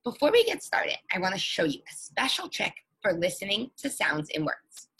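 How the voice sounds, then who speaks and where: A woman teaching an online phonics lesson to young children, sounding out words slowly and with exaggerated emphasis. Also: mid-range voice, sing-song, vocal fry, sharp tone, breathy edge, poor audio.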